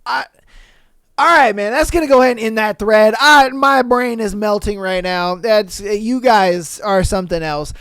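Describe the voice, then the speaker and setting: Laid-back podcast host, smooth clear voice, dry close sound, joking slangy chat. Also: medium pitch, moderate pace, a bit bright, dry recording. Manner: slips into exaggerated voices to act out quotes. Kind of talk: casual solo podcast chat.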